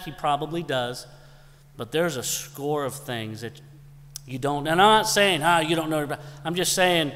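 Joking preacher in a reverberant church. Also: male voice, fairly high pitch. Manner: animated, folksy, joking storyteller. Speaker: youth pastor. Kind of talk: church announcements and storytelling. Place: church sanctuary. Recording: long church hall reverb.

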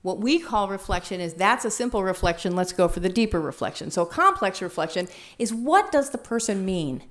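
A woman trainer leading a workshop, talking in a lively, conversational way and asking the room questions. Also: mid-range voice, fairly quick. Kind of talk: teaching a workshop.

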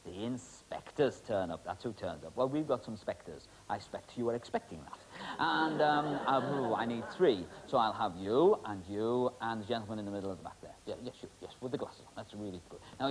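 A middle-aged man doing comic stage patter with volunteers as a magician host, chatty and teasing with many fillers. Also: medium pitch. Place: TV studio stage with live audience. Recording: hissy 1980s TV broadcast.

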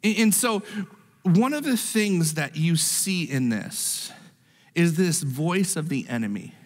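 A man preaching a sermon as pastor, animated, repeating words and acting out the voices he quotes. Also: on the high side, takes it slowly, long reverb tail. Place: church sanctuary.

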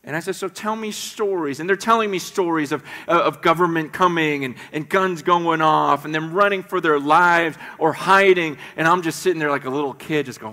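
A middle-aged man from the United States preaching a sermon, telling stories in an animated way and repeating words as he goes. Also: fairly high pitch, a little fast, hardly any pauses. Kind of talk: sermon storytelling. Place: church sanctuary. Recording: echoey church hall.

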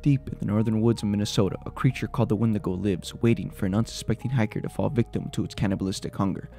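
Guy rattling off creepy urban legends quick, gravelly dark voice, faint music underneath. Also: lowish voice, steady tone. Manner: quick, mixes spooky retelling with joking asides. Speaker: video host. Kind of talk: reading urban legends and reacting. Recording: soft music behind the voice.

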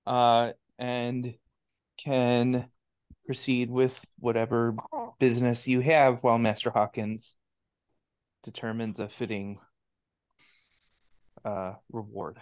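Male game master, unhurried, stop-start narration, dull dry recording. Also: mid-range voice, flat delivery, darkish tone, clear, resonant tone, dry recording. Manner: halting, with many fillers.

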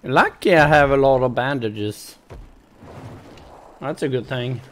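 A man's voice: mid-range voice, slow. A man doing let's play commentary, swearing a lot, yelping and shrieking in panic, stuttering as he talks to his viewers. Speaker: gaming channel host.

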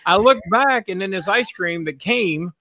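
A man's voice: sits high, lively intonation, normal speed, sharp tone. A man hosting a casual chat show, telling a long story in a rambling, profane way with lots of repeats. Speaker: show host.

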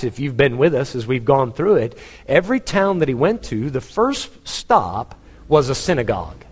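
Brief: male pastor, casual storytelling sermon, mid-pitched, long church reverb. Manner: conversational preaching with dry humor.

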